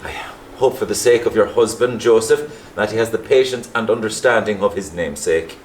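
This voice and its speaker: An actor with a Liverpool accent playing a pompous, meddling middle-aged Catholic priest who hesitates and repeats himself. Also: male voice, on the low side, brisk, close to an everyday voice. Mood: smug, probing. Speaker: parish priest. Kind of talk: stage play acting. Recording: echoey stage with faint noise.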